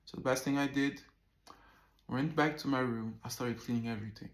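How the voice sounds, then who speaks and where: A man vlogging a personal story in a casual, animated way, swearing often and acting out the dialogue. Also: medium pitch, brisk, echoey room.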